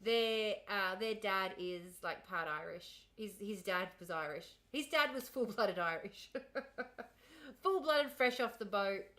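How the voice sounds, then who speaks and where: A woman's voice: medium pitch, a little slow, few pauses, bright, forceful tone. A woman in her thirties with an Australian accent, chatting casually with viewers on her livestream. She rambles, answers the chat and laughs often. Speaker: livestream host.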